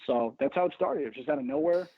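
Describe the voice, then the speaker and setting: A man's voice: medium pitch, fast, breathy edge. Rambling, cursing man on a phone line. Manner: rambling, profane, jokey storytelling. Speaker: podcast guest. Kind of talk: casual chat.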